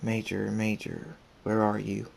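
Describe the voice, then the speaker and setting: A kind old grandfather stallion pony from a fan storybook, read by a man. The voice sits low and flat, soft and plain with small restarts. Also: measured pace, vocal fry, slight background noise. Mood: grim.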